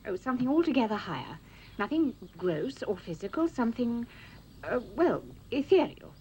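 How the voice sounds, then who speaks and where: A woman's voice: a little high, sing-song, moderate pace, darkish tone. An actress playing a gushing, sentimental genteel lady in a period film, full of romantic enthusiasm. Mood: rapturous. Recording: slightly dull film soundtrack with faint noise.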